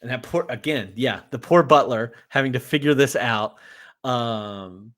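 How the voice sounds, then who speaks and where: A man's voice: medium pitch, unhurried. A man co-hosting a podcast, recapping a film in casual chat and acting out lines from its scenes. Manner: animated, acts out quotes from scenes. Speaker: podcast co-host. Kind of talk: casual movie discussion.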